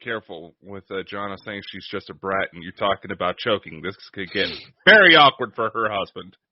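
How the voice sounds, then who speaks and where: A man's voice: fairly low pitch, animated, a little fast, no room sound. Dry-witted man on a video call. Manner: dry, wry remarks with casual swearing. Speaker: co-host. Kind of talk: casual live-stream chat. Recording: dull lo-fi call audio.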